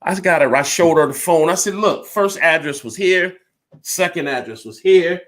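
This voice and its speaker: Blunt, animated man in his fifties. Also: fairly high pitch, moderate pace. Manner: animated, blunt, swears, acts out both sides of arguments. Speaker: storyteller recounting his life. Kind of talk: candid personal storytelling.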